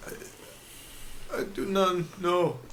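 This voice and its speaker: A man voicing a frightened captured male gang thug, speaking halting broken English with a heavy put-on Japanese accent. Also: sits high, fairly even intonation, slight background noise, pitched above the performer's own voice. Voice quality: halting, broken phrases with many hesitations.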